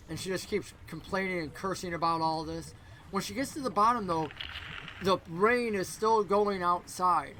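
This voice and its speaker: A man narrating a tabletop game as game master, rambling and dropping into quick character voices. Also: high-pitched, sharp tone, a little hiss or hum, low-quality recording.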